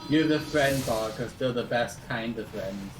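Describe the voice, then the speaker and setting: A man's voice: mid-range voice, measured pace, music in the background. A man joining a game stream over voice chat, teasing and easygoing. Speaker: friend on voice chat. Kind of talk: casual gaming chat. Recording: roomy echo.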